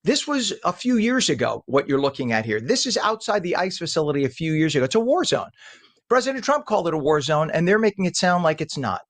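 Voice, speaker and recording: A male morning show host giving opinionated news commentary, ranting with indignation and jumping up in pitch when heated. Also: big pitch swings, a little fast.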